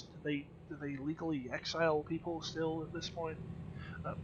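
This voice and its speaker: A man streams a video game, offering wry, talkative commentary peppered with ums and uhs. He has a fairly high, fairly bright voice, fairly even intonation, and normal speed, heard through lo-fi sound with slight background noise.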